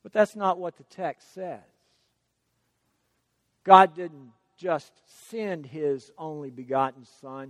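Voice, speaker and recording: A man's voice: on the high side, slow, long pauses. Man, sermon, emphatic repetition, long hall reverb. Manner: emphatic, repeats key words for stress. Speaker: preacher.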